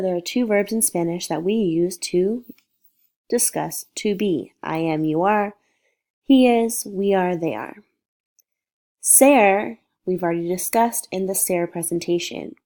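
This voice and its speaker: A woman teacher talks through a recorded lesson, steady and patient in how she explains things. She has a cold, and a slight sniffle comes through her voice. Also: on the low side, unhurried. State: sick with sniffles. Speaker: Spanish teacher. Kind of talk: recorded lecture.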